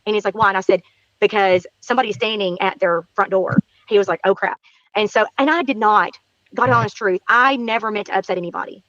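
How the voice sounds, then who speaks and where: A guest recounts an encounter in her neighborhood in casual conversation, animatedly acting out what people said and repeating phrases for emphasis. Her voice is a little high, with no echo and the highs cut off.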